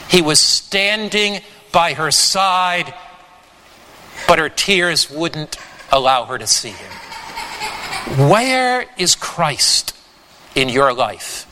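A man preaching a sermon, slow and emphatic, repeating his refrains. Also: on the high side, bright, forceful tone, slight background noise. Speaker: pastor. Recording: long hall reverb.

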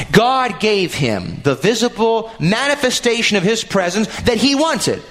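A male preacher with a fairly high voice delivers a sermon, and his pitch swings widely. He retells scripture expressively and speaks directly to his listeners. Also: a little slow, hardly any pauses, a little hiss or hum, rough recording. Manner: expressive, rising and dropping for emphasis, addresses congregation.

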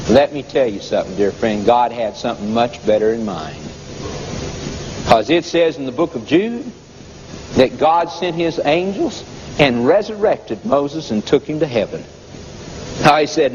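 A man's voice: medium pitch, expressive, unhurried, darkish tone. A man preaching a sermon with dramatic storytelling and fervent, pleading emphasis. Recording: dull lo-fi recording in a reverberant hall with background noise.

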